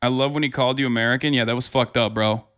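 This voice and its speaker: A man's voice: medium pitch, steady tone, very fast, a bit bright, clean tone. A man in his thirties hosting a livestream, talking in a heated, sarcastic and profane way. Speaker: livestream host. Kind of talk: casual streamer commentary.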